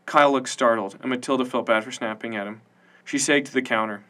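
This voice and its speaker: A man narrating a science-fiction audiobook in an even, measured storytelling manner. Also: mid-range voice.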